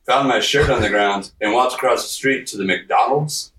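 A man's voice: mid-range voice, normal speed, fairly bright tone, echoey room, far from the mic, slight background noise, low-quality recording. A man on a podcast telling a rambling, profane story, laughing often and acting out the quotes. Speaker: podcast guest. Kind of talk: casual storytelling.

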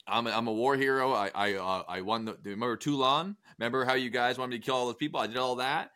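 A bright-voiced man hosts a loose, profane comedy history podcast. He tells the story with lots of energy and keeps slipping into goofy voices for the people in it. It sounds like easygoing banter among friends. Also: mid-range voice, fast talker. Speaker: podcast host. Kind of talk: casual comedic history chat.

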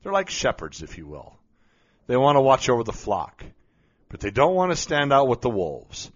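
A man's voice: mid-range voice, huge pitch swings, normal speed. A man telling a story as a motivational speaker, blunt and emphatic, with some mild cursing. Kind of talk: storytelling monologue. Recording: slightly dull lo-fi recording.

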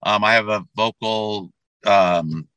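A middle-aged man talks loosely as an interview guest, circling back and repeating his words as he goes. His voice is bright and forward, and the sound is dry and close, with no room around it. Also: fairly low pitch, takes it slowly, clean tone, no echo, poor audio. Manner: rambling, repeats words, many fillers. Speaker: metal band frontman and guest. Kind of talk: casual interview chat.

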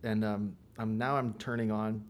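A man's voice: lowish voice, flat delivery, normal speed. A man, a contractor on a podcast, telling a wild story in a casual way, swearing freely and laughing as he goes.

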